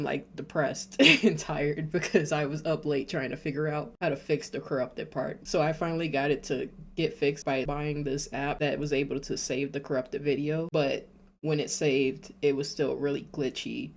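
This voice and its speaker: A woman with a low, creaky, slightly mellow voice hosts a YouTube reaction video. She chats casually and rambles, with frequent nervous laughs and false starts.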